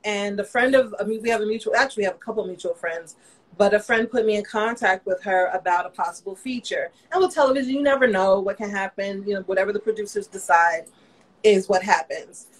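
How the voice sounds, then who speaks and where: A woman's voice: medium pitch, fast talker, rough recording. Woman designer talking candidly in a chat. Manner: candid, animated storyteller, lots of fillers. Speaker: fashion designer guest. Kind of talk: casual conversational interview.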